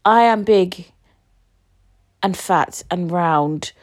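Lively woman telling a story. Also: fairly low pitch, drawn-out words. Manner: animated, slangy, acts out conversations. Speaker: podcast host. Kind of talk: casual storytelling.

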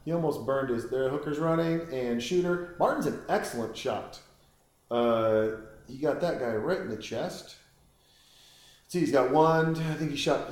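A man giving rambling, crude, joking commentary while watching a film, with sudden high-pitched exclamations. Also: darkish tone, echoey room. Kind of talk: casual watch-along commentary.

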